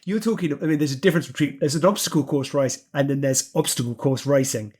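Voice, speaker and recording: A man's voice: mid-range voice, quick pace, darkish tone, slightly rough. A man hosting an interview, asking long, searching questions full of restarts and asides. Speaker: podcast host. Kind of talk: interviewing a guest.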